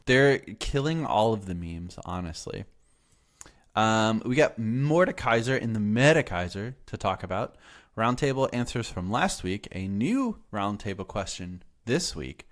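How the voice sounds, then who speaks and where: A man's voice: lowish voice, very animated, unhurried. A man hosting a gaming podcast in a loose, joking casual chat, laughing easily with his co-hosts. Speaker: podcast host.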